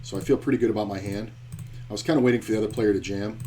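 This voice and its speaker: A man's voice: lowish voice, fairly even intonation, racing, dark tone. A man streaming online poker, talking through his hands in a blunt, profane way as he thinks aloud. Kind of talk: live-stream poker commentary.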